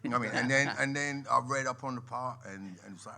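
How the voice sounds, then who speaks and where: A man as a guest on a live podcast, telling lively stories and laughing often. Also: mid-range voice, fast talker, slight background noise. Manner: animated storyteller, laughs often, lively swings in loudness. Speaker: guest musician and actor. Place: members' club room with a live audience.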